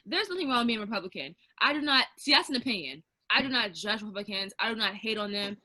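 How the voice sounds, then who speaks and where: A woman's voice: mid-range voice, expressive, fast, pushed and bright, no room sound, low-quality recording. A woman co-hosting a casual group chat, ranting emphatically and mocking others in quoted voices. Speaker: podcast co-host.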